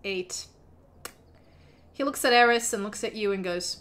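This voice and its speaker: A woman's voice: medium pitch, measured pace, fairly bright tone. A woman narrating as game master of a tabletop fantasy game, chatty and given to laughing asides.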